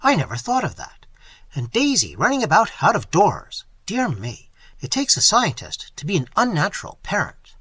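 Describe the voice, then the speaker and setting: A man voicing a mild, fatherly older male professor who lectures gently in an audiobook. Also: fairly high pitch, huge pitch swings, moderate pace, breathy edge, no room sound, heavily acted. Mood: alarmed.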